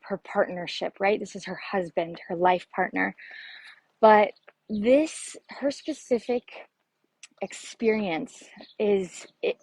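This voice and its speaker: A woman's voice: medium pitch, slightly rough, no echo, low-quality recording. A woman working as a success coach, giving an earnest motivational talk to camera and often ending her points with "right?". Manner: warm, calls listeners "sister".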